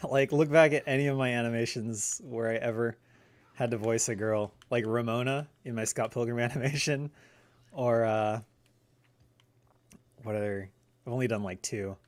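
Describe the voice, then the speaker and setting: A man's voice: medium pitch, fairly even intonation, moderate pace, long pauses. Thirty-something guy chatting on his stream, rambly, answering chat, regular middle voice. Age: 30s. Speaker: livestream host. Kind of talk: casual chat on a gaming livestream.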